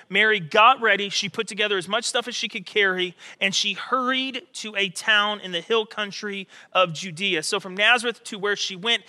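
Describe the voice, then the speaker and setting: A man with a high-pitched, very bright and ringing voice, preaching a sermon as a pastor. He brings the story to life by acting out the quotes, then sinks into soft, reflective passages. Long reverb from the church sanctuary trails every phrase.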